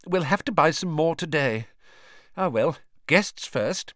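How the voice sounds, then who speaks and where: A man's voice: a little high, lively intonation, unhurried, fairly bright tone, no echo, clean studio sound, pitched above the performer's own voice. A man voicing a fussy, anxious middle-aged witch who dotes on the children. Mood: fussing. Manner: anxious, doting, fussing.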